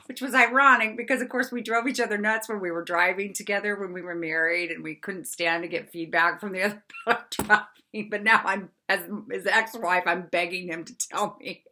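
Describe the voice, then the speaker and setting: A middle-aged woman hosting a podcast, telling a personal story in a lively, chatty way, laughing often and checking in with her listeners. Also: lowish voice, normal speed. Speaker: podcast host.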